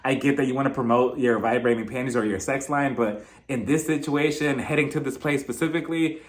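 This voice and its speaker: A man's voice: medium pitch, a little fast. A young man casually recapping a reality TV episode, chatty, laughing often and acting out what people said. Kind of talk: casual solo commentary.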